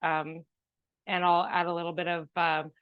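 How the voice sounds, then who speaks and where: A woman's voice: fairly low pitch, little pitch movement, normal speed, smooth, no room sound, dull audio. A woman co-hosting a casual chat at home, agreeable and chatty while she cooks. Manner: agreeable, chatty, giggly asides. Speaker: co-host. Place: home kitchen.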